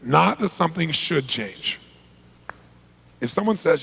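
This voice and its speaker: A man's voice: on the high side, lively intonation, measured pace, gravelly, pauses often, fairly bright tone, breathy edge, low-quality recording. A man giving a motivational talk, telling a story with emphatic, punchy delivery and acting out conversations. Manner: emphatic, punchy, acts out quoted exchanges. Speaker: motivational speaker.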